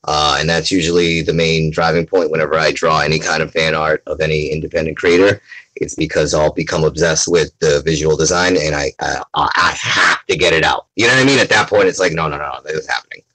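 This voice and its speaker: A man, a comic artist as guest, chatting excitably over a video call and often asking "you know what I mean". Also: extremely low pitch, brisk, rough recording. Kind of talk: casual chat.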